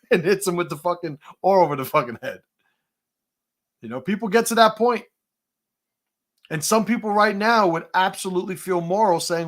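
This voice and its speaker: In casual stream talk, a New Yorker answers chat comments and spins stories, swearing freely and constantly restarting or filling pauses. He has a high-pitched, somewhat bright voice and talks fairly quickly.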